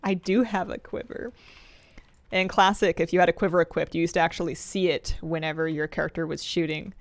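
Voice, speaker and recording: A woman's voice: fairly low pitch, steady tone, brisk, no room sound. A woman streamer chatting casually while playing, thinking aloud and laughing often. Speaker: game streamer. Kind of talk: casual gameplay commentary.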